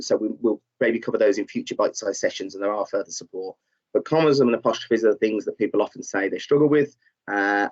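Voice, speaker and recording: With a lowish, darkish voice, a man teaches a live online lesson, spurring learners on and reading their chat responses aloud with a lot of fillers. He is the tutor, and the recording is a touch muffled and dull.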